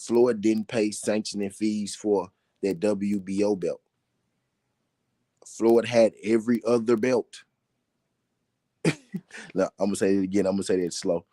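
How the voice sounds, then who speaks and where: Man, deep voice, emphatic repetition, casual live talk, dry close sound. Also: flat delivery, normal speed, dark tone, no room sound. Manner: repetitive, emphatic, laughing between points. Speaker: boxing talk show host.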